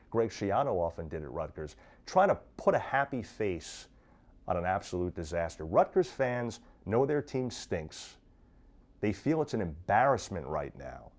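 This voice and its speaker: A man's voice: on the low side, a little mellow. A man hosting a sports talk show, ranting emphatically and sarcastically. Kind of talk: sports commentary rant.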